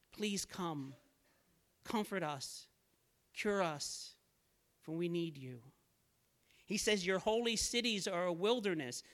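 High-voiced man preaching a sermon. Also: fairly bright tone. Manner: earnest, pleading, reads scripture aloud.

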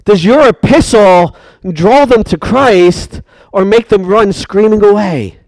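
A man's voice: high voice, takes it slowly, a little mellow, dry recording. A man preaching a sermon, emphatic and questioning his congregation.

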